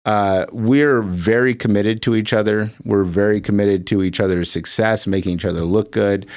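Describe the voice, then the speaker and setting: A middle-aged man as a guest on a podcast, talking in a reflective way with frequent uh and um pauses. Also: on the low side, steady tone, darkish tone. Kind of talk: casual chat.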